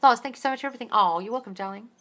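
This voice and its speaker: Speaking very fast in a fairly high, bright, forceful voice, this Australian woman answers live questions as a manifestation coach. She reads out viewer comments on a phone-recorded stream and replies bluntly, swearing plenty.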